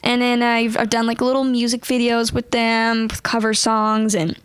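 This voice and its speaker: A bubbly young woman chats in an interview, telling stories and laughing often. Her voice sits a little high. The sound is close and dry, with no room around it. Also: completely flat delivery, normal speed, smooth, no echo. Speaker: ventriloquist guest. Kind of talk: casual interview chat.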